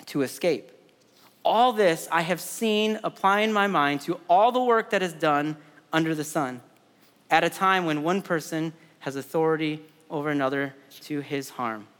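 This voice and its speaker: A man's voice: on the high side, a bit bright, clean tone, long reverb tail. A man in his thirties preaching a sermon in a conversational way, repeating words and adding side stories. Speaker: pastor.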